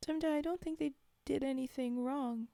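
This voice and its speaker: A woman streamer reads a horror story to her viewers in a relaxed, casual way. Her voice is warm and mellow, and she often stops to talk with her chat, sometimes in a near whisper. The sound is close and dry. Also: high-pitched, normal speed, vocal fry, no room sound. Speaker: streamer reading stories. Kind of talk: casual read-aloud storytelling.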